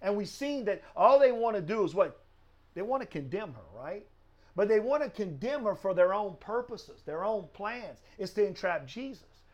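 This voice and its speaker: A man's voice: sits high, expressive, normal speed, muffled recording. A man teaching a Bible study lesson, explaining step by step with rhetorical questions and a frequent tag "right?".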